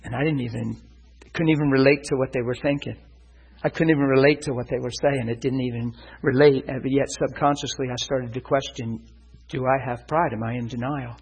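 A man preaching, telling his own story as a sermon testimony, animated and often laughing. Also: medium pitch, fairly quick, slightly rough, poor audio.

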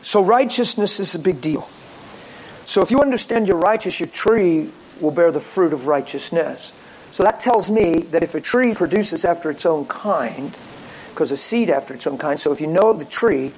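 Lively storytelling preacher, a man. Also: a little high, slight background noise, poor audio. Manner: lively, jokey, acts out callers in voices. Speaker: pastor. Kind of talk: sermon with storytelling.

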